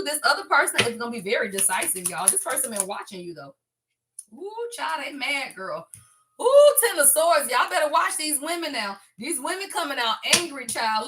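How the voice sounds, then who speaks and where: Woman, tarot reader, high lively voice, profane, hype energy. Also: noisy background. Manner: excitable, profane, laughs and exclaims often; talks straight to viewers as y'all. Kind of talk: casual tarot reading to camera.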